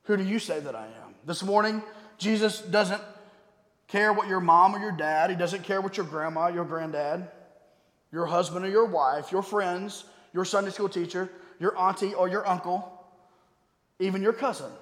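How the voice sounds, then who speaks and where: A pastor with a voice that sits high preaches a sermon in a church sanctuary, recorded in an echoey hall with long reverb. He's emphatic, slowing down to stress key words and suddenly dropping to a quiet voice.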